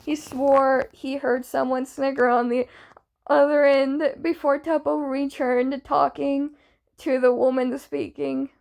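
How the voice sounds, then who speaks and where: A woman's voice: sits high, flat delivery, slow, vocal fry, darkish tone. A young woman reading a fanfiction story aloud in a casual way, often stumbling and restarting words. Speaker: fanfiction reader.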